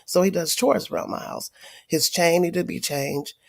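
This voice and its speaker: A middle-aged grandmother livestreaming to her viewers, telling a story in an animated, emphatic way with lots of swearing. She is sick with a cold, wheezing and tired. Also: lowish voice, moderate pace, creaky. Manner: profane, emphatic, addresses viewers directly. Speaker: livestream host.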